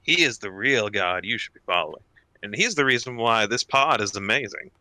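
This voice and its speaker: Male player as a practical dwarf smith woman: animated, bright, crisp. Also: fairly low pitch, brisk, no room sound, pitched below the performer's own voice. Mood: boastful. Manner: blunt, animated.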